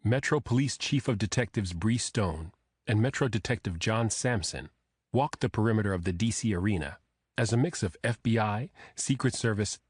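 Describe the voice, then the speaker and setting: A man narrating a thriller audiobook in a steady, measured reading. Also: lowish voice, slightly rough, no room sound, clean studio sound.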